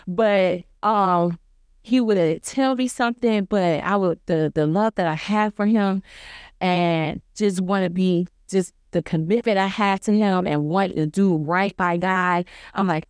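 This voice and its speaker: Smooth-voiced woman sharing a testimony. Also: measured pace, no room sound. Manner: earnest, acts out her own quoted dialogue with rising pitch; conversational, many fillers and restarts. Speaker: church member giving testimony. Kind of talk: personal faith testimony.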